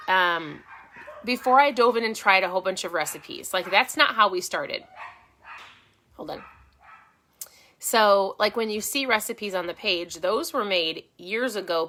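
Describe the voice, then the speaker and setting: A middle-aged woman hosts a keto diet channel, live streaming casually from home with chatty, encouraging diet tips and often restarting her sentences. Her medium-pitched voice is bright and forceful, with a little hiss or hum in the recording.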